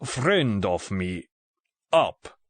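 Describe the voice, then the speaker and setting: In an audiobook, a male narrator puts on a sniggering Russian gunman with a thick Russian accent, drawling slow broken English. The voice drops a little lower and sounds different from the narrator's own, with good-humoured menace and blunt commands. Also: very animated, no echo, exaggerated voice. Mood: mocking. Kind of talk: audiobook character voice.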